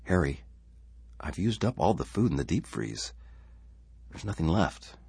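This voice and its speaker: A man voicing a worried, caring wife in a gentle, pleading manner. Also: low-pitched, animated, unhurried, creaky, breathy edge, no echo, pitched above the performer's own voice, exaggerated voice.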